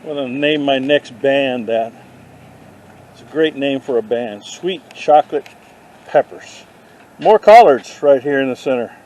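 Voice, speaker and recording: A man vlogging a walk through an outdoor garden, dropping deadpan puns as he goes. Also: mid-range voice, unhurried, low-quality recording. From not from the South. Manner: deadpan punning asides. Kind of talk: joking walk-through commentary. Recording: faint outdoor noise.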